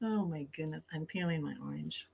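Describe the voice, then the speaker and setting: A woman with a low, breathy voice and some vocal fry talks fairly quickly, and the recording's highs are cut off. She's hosting a casual late-night livestream from her bed. She's chatty, laughs a lot, and snacks as she talks.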